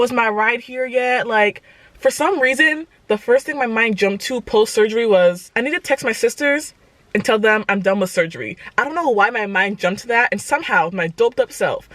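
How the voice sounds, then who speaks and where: Animated young woman telling a story. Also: medium pitch, no echo. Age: 20s. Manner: animated, exclaims to viewers as "y'all". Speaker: vlogger. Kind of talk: casual storytime.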